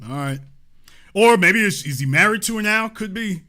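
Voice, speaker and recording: High, bright-voiced emphatic male host. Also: expressive, normal speed. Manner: emphatic, repeats points, asks pointed rhetorical questions. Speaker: commentary show host. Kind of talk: reading and commenting on news articles.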